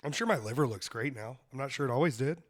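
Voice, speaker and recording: A man's voice: medium pitch, quick pace. A man hosting a podcast, chatting casually with campy, bawdy jokes. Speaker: podcast host. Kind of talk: casual chat.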